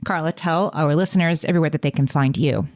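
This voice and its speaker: A woman's voice: sits low, fast talker, a little mellow. A woman co-hosting a podcast interview, enthusiastic as she wraps up the conversation. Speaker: podcast co-host.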